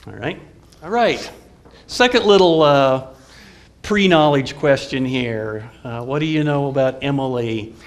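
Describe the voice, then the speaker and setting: A man in a middle-pitched voice gives a lecture to a live audience as a college professor would. He speaks in a friendly, halting way, with frequent filler sounds and restarts. He pauses now and then to quiz his listeners.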